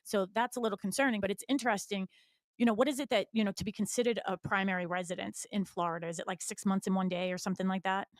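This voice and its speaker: A woman with a New England accent hosting a radio show, talking in a chatty, animated way with lots of examples. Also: medium pitch, fast, dry recording. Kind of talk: casual radio chat. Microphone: studio mic.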